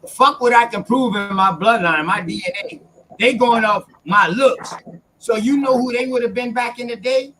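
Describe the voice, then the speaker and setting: A man's voice: very high-pitched, normal speed, a crowd in the background, low-quality recording. A man talking bluntly and with profanity in a casual panel discussion over a video call.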